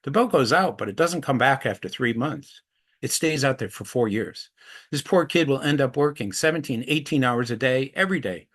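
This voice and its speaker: An earnest middle-aged man, an anti-trafficking activist, tells stories in a presentation and voices the characters he quotes. He speaks expressively at a moderate pace, his mid-range voice a bit bright.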